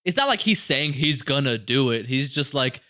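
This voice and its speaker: A young man co-hosting a casual reaction podcast, excitable and mocking. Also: mid-range voice, moderate pace. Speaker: podcast co-host.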